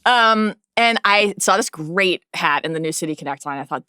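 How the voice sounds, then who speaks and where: A woman's voice: fairly low pitch, brisk, hardly any pauses, bright, forceful tone, no echo, studio quality. A woman co-hosting a podcast in casual chat, joking and telling rambling anecdotes. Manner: chatty, jokey, rambling anecdotes. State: tired, running on coffee. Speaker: podcast co-host.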